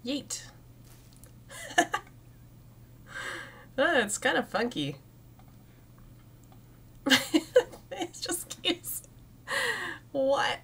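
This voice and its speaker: A woman's voice: high-pitched, animated, drawn-out words, long pauses, a bit bright, husky. A young woman streaming a cozy game, chatting casually and talking to the plants as she plays, with frequent giggles. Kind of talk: casual let's-play commentary.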